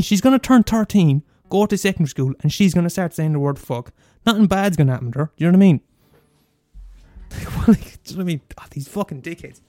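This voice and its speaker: A man's voice: a little high, lively intonation, dark tone, dry recording, clean studio sound, soft background music. Ranting, profane Irish man. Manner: profane, ranting, fast and mumbly. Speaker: podcast host. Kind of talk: casual solo rant.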